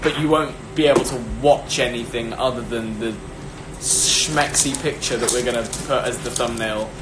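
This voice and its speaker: A man's voice: mid-range voice, fairly even intonation, normal speed. A young man chatting casually on a phone live stream, giggly and rambling, often restarting his sentences. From Britain. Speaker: host of an Instagram live stream. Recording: echoey room, background noise.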